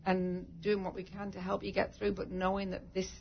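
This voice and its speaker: A woman who works as a cancer care nurse, speaking in a warm, reassuring way about her patients. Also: mid-range voice, monotone, fairly quick, gravelly, muffled recording, slight background noise. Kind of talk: caring conversation.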